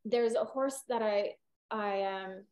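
A woman's voice: mid-range voice, slow, darkish tone. A middle-aged woman veterinarian from California, chatting in an interview, rambling with many fillers and restarts. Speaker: holistic veterinarian guest. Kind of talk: casual interview conversation.

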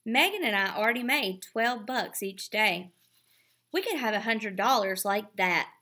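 A woman reading aloud, voicing a proud, quick-tempered young girl with a snappy, boastful manner. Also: mid-range voice, lively intonation, bright, forceful tone, slight background noise.

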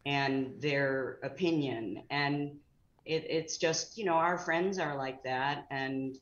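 A chatty middle-aged woman with a low voice talks casually and rambles with fillers. Her audio sounds echoey and a bit dull, like a roomy remote feed. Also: slow pace. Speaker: guest actress. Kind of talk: casual chat.

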